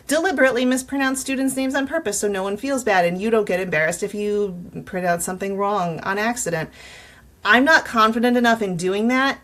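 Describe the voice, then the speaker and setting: A woman's voice: on the high side, fairly bright tone. A middle school teacher, a woman, talking in an upbeat, encouraging way straight to fellow teachers in an advice vlog.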